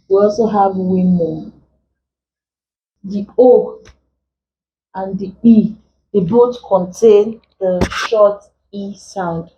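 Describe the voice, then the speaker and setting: A woman English tutor teaching vowel sounds for exam preparation, saying example words slowly and often repeating them. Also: mid-range voice, dark tone, slight background noise, rough recording. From Nigeria. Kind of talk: exam prep lesson.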